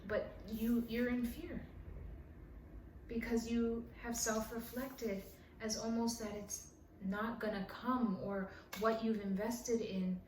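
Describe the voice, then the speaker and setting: A woman's voice: medium pitch, a little mellow, a little hiss or hum. A woman giving a heartfelt spiritual energy reading to her viewers. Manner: emotional, heartfelt. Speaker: tarot reader. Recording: roomy, distant mic with faint ambience.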